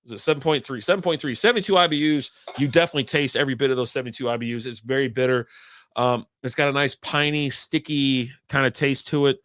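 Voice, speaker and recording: A man's voice: mid-range voice, fairly even intonation, fast, a bit bright. A man co-hosting a casual podcast, telling loose stories full of swearing and acting out other people's lines. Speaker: podcast co-host. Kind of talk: casual chat.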